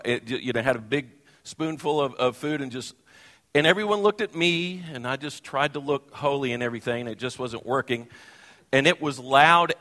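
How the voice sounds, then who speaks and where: Man, pastor, sermon, animated storyteller, self-deprecating, long hall echo. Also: a little high.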